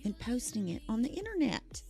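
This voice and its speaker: A woman's voice: a little high, very animated, fairly quick, a little mellow, faint music behind. A woman co-hosting a podcast, telling stories in a blunt, sassy way. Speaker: podcast co-host. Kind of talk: casual podcast chat.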